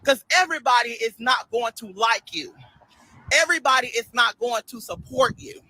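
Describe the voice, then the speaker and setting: High, bright-voiced man preaching on a livestream. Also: moderate pace, dry recording, low-quality recording. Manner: loud and animated, bursts into shouts and laughter; sassy, dismissive toward commenters.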